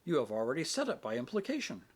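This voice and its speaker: In a full character voice for an audiobook, a man plays a proud, sarcastic middle-aged minister father delivering stern reproach. His voice is a little high and fast, with a breathy edge and huge pitch swings. He sounds stern, ironic, and authoritative.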